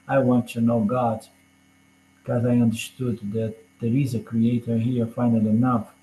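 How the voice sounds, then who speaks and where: A man's voice: mid-range voice, level tone, moderate pace, dark tone, a little hiss or hum. A man teaching a scripture class in a conversational lecture style. He tosses in "you know?" and light jokes as he explains. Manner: chatty, peppers points with "you know?" and jokes. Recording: roomy echoey room.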